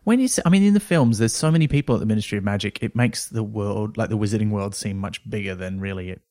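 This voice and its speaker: A young adult man co-hosting a podcast, chatting casually and getting animated. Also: fast, no room sound, clean studio sound. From Australia. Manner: animated, pitch jumps up when excited. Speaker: podcast co-host. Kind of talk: casual chat.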